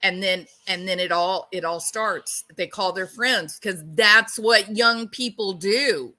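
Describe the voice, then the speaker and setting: A woman hosts a true-crime channel, speculating in a blunt, conversational way. She keeps asking rhetorical questions, and her voice is bright and sharp. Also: medium pitch, slow, hardly any pauses. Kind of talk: casual speculative commentary.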